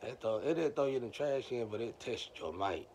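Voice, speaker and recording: A man's voice: medium pitch, expressive, a little fast, a little mellow, slight background noise. A man telling loose, slangy stories in a rambling monologue, speaking straight to his viewers.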